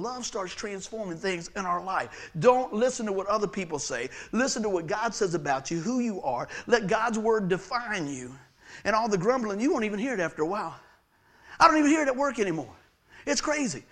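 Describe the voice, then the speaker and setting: A man preaching a lively sermon, telling personal stories, laughing often and acting out the people in them. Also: high-pitched. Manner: animated, laughs often, acts out voices of people in his stories.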